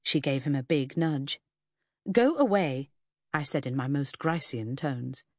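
A woman reading a first-person audiobook in an expressive, lively storytelling manner, voicing the characters. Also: extremely low pitch, moderate pace, no room sound, clean studio sound. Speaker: audiobook narrator.

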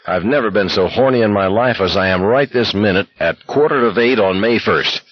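A man voices a sardonic young man full of crude jokes and mock speeches. The voice rises a little above the reader's low, husky tone, on a slightly muffled recording. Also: normal speed, no echo. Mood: joking. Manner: wisecracking, mocking.

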